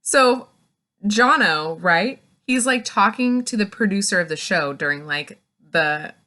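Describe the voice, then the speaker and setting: A woman's voice: medium pitch, moderate pace, pushed and bright. A woman reviewing a book, recapping the plot in a gushing, casual way, full of "like". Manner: gushing, filler-heavy, full of "like".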